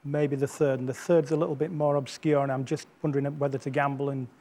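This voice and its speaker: A man's voice: mid-range voice, flat delivery, quick pace, dark tone, long reverb tail. A man, a quiz show contestant, thoughtfully weighing his options aloud. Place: television studio.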